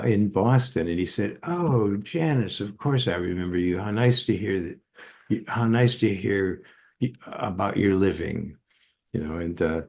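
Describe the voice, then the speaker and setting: Low-voiced older man telling a rambling story. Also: gravelly, a little mellow. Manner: rambling, with many fillers and restarts. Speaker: interview guest, psychotherapist. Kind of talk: anecdotal storytelling in an interview.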